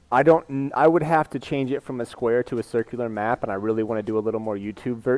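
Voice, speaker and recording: A man's voice: mid-range voice, a little mellow, no echo. A man chatting casually on a live stream, rambling candidly and reading viewer comments aloud.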